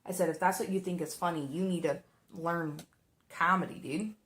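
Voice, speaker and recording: A woman's voice: lowish voice, steady tone, moderate pace, a bit bright. A woman telling a work story while doing her makeup, chatty and exasperated, acting out the dialogue. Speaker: makeup vlogger.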